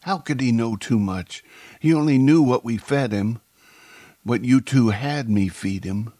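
A man's voice: on the high side, measured pace, mellow, husky, no room sound, pitched above the performer's own voice. A man voicing a distraught young woman caught up in a criminal scheme, talking in a frantic, pleading way. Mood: angry.

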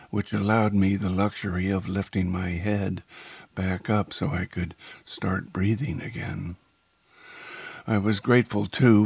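A man narrates a first-person story with calm, unhurried delivery. His voice is husky and set at a middle pitch. The sound is dry and close to the mic. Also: no room sound.

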